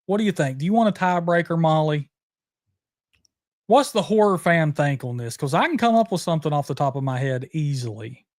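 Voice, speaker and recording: A man hosts a live trivia game with a bouncy, very lively voice that swings up and down a lot. He is playful and teasing and bursts into excited shouts. The sound is dry and close. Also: fairly high pitch, brisk, no echo. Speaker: livestream host. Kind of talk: casual live trivia chat.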